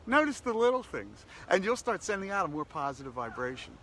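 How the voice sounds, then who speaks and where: A man's voice: sits high, sing-song, a little fast, sharp tone, a little hiss or hum. A man hosting a daily positivity practice, giving an upbeat, repetitive motivational talk that keeps circling back to short slogans. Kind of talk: motivational self-help talk.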